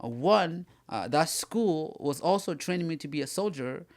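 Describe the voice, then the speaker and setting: A young man from Sudan, a comedian co-host telling animated stories in casual podcast chat, often laughing and restarting his sentences. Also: a little high, moderate pace.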